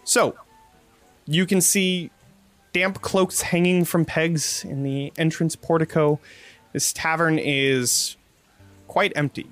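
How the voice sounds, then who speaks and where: A man narrating as game master in a tabletop game, in a relaxed, meandering way. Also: on the high side, slow pace, faint music behind.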